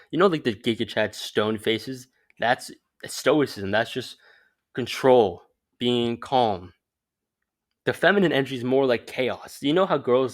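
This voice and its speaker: Young man, casual advice monologue, rambling, profane, frequent self-corrections, mid-range pitch. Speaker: vlogger giving dating advice.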